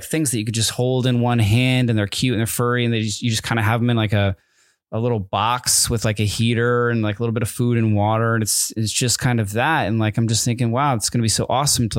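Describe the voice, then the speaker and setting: A man's voice: mid-range voice, fairly even intonation, fairly quick, smooth, dry recording. A man in a mid-range voice chats casually as a podcast host, reading out listener messages. He rambles, trails off and restarts his thoughts often. The sound is dry and close. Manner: rambling, hesitant, self-interrupting with fillers.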